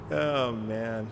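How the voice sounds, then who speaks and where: His mid-range voice is creaky, heard over a noisy background. He's in his forties, drinking beer as he drives in a truck simulator on stream, chatting casually, laughing frequently, and responding to chat.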